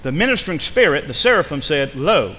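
A man preaching a sermon in a church, impassioned and rising to near-shouts on key words, sometimes acting out a doubting listener in quotes. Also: fairly high pitch, very animated, a little fast. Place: church sanctuary. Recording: long hall reverb, faint background noise.

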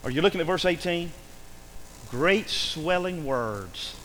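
A man preaching a sermon in a church, emphatic and repetitive, dropping to a hush and then rising again. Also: on the high side, animated, a little slow, big-room sound, slight background noise, rough recording. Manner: emphatic, repetitive, swings between loud and hushed.

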